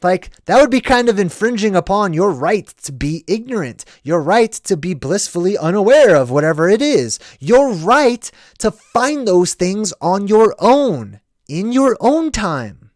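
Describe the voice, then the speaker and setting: American guy rambling on his livestream, kinda high voice, keeps saying right?. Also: big pitch swings, unhurried, no room sound, clean studio sound. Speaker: livestream host. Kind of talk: casual livestream talk.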